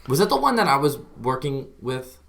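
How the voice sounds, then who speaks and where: A man's voice: mid-range voice, very animated, a little fast, creaky, a bit bright. A young man hosting a casual podcast chat, reacting with short interjections and asking questions. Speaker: podcast host.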